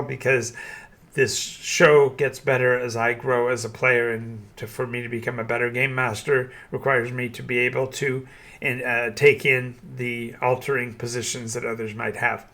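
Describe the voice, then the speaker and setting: An older man talks through his opinions on tabletop games in a bright, forward voice. He often stalls and restarts mid-word, then pushes on with steady conviction. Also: medium pitch. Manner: halting, many restarts and fillers. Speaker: game master and channel host. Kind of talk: opinion monologue.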